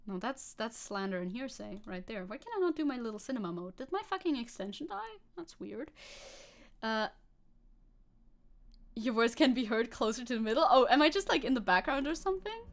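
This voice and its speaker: A woman with a non-native accent chatting on a livestream at a desk mic, her fairly high voice swinging widely in pitch. She rambles, laughs at herself and restarts sentences often. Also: very animated, brisk. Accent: non-native English accent. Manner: rambling, self-mocking, frequent laughs and restarts. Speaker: VTuber streamer. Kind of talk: casual livestream chat reacting to a video.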